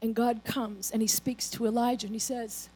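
A woman pastor preaching an energetic, emphatic sermon to her congregation. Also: fairly high pitch, normal speed.

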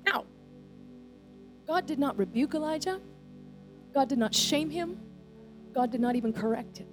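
High-pitched lady pastor preaching, super energetic, leaning on every point. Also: normal speed, pauses often, soft background music. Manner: energetic, emphatic, animated preaching. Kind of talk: sermon.

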